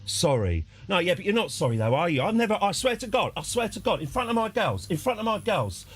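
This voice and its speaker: A self-righteous young British dad rants at a barman in a high, strained voice, as a man puts him on. He repeats every grievance over and over. The sound is close and dry. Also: big pitch swings, fast talker, a bit bright, breathy edge, no echo, heavily acted. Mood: indignant. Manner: repetitive, self-righteous ranting.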